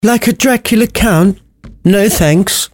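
A man's voice: sits high, slow pace, dry recording, clean studio sound, voice pushed up. A man voicing a sheltered, blunt, posh teenage girl in a comic storybook retelling, in a prim upper-class manner.

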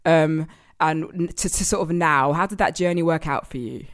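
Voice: medium pitch, normal speed. A podcast co-host in casual chat, asking curious follow-up questions.

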